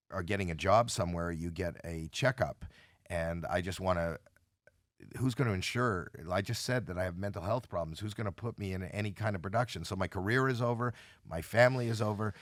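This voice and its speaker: In clean, dry studio sound, a deep-voiced man in his sixties shares a painful story as a podcast guest. He's candid and emotional, dramatically voicing the other people in it.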